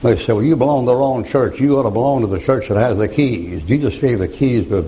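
A man's voice: mid-range voice, quick pace, mellow, rough recording. A man, preaching a folksy, joking sermon and laughing at his own stories.

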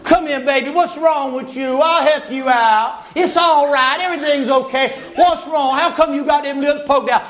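A man voicing a doting queen who coos over her sulking husband like a mother, in a high cooing voice. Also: normal speed, few pauses, fairly bright tone. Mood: coaxing.

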